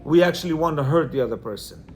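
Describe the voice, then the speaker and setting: A man's voice: a little high, quick pace. A man teaching a religious class, reading from a book and explaining each passage in plain words and checking in with his listeners. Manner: talks in bursts with many restarts.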